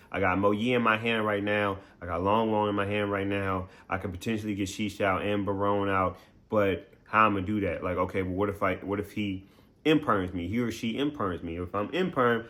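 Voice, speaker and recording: Laughing frequently, an adult man streaming games talks his viewers through a casual recap in a playful, chatty manner. His voice is on the low side and slightly bright.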